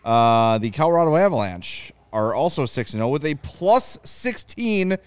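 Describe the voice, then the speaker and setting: A man hosting a casual sports podcast, briskly rattling off records and stats to set up the discussion. His voice is crisp and medium-pitched, recorded dry and close. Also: sing-song, no echo. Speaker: podcast host.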